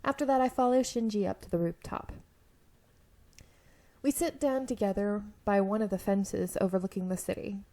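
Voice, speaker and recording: A young woman narrates a dating game for her viewers, her voice mellow and a little hoarse. She keeps breaking off to laugh and react, in an even middle pitch. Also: moderate pace. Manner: giggly, breaks off to laugh and comment. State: slightly hoarse throat. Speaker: let's-play video creator. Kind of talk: reading an otome game aloud.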